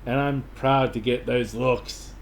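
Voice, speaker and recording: A man's voice: medium pitch, fairly even intonation, takes it slowly, slight background noise. Rambling Australian man giving advice. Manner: rambling, enthusiastic, many fillers and restarts. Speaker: vlogger giving travel advice. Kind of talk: casual direct-to-camera advice.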